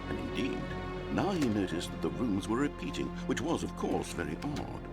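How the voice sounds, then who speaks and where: A man's voice: fairly low pitch, very animated, normal speed, over loud music. A man narrating a video game story in a dry, wry, scripted manner.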